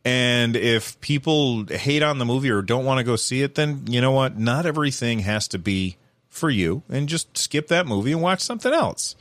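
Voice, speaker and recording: A man's voice: mid-range voice, moderate pace, no echo. Rambling man in dry casual commentary. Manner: animated, rambling with many fillers and restarts.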